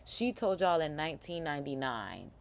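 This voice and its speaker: Low voiced woman going off on a clip, emphatic reaction stream host. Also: big pitch swings, normal speed, gravelly. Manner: emphatic, talks back at the clip. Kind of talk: casual reaction commentary.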